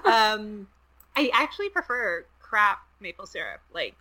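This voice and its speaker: Bright-voiced, chatty woman from Canada. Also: medium pitch, big pitch swings, unhurried, poor audio. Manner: chatty, with frequent ums and uhs. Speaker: podcast guest. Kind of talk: casual podcast chat. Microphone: remote call.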